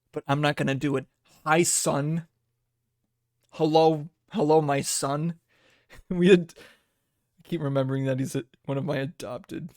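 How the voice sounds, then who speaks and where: A man's voice: a little high, no echo, clean studio sound. A man hosting a live-stream podcast in loose, rambling casual chat. He thinks aloud while looking things up and laughs often. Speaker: livestream podcast host.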